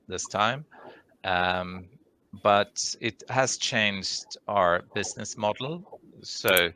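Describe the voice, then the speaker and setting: Deep-voiced man answering questions. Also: pushed and bright, clean tone. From Sweden. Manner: measured, hesitant with many ums and restarts. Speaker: conference speaker, orthopedic clinical leader. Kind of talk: live Q&A answers. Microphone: video call.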